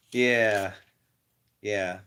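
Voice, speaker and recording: A man's voice: lowish voice, fairly bright tone. A man on a rambling live stream, exasperated, swearing and laughing as he talks to his viewers. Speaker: streamer studying scripture.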